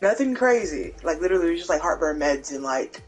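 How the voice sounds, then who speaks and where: A man co-hosting a gaming video, telling a story in a lively, profanity-laced casual chat. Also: fairly high pitch, fast, husky, soft background music, rough recording. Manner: animated, swears freely, talks to himself in retellings. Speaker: gaming co-host.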